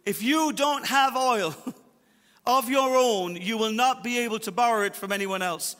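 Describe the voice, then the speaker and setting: A man preaching a sermon as pastor, emphatic, slowing down to stress his points. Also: extremely high pitch, fairly bright tone, long reverb tail. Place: church auditorium.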